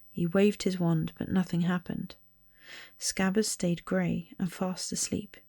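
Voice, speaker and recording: A woman reads a story softly and slowly, often dropping into a whisper, in ASMR style. Her voice is low, dark and gravelly. The sound is dry and close. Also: flat delivery, dry recording. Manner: soft, slow, partly whispered. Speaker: storybook reader. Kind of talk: soft ASMR storybook reading.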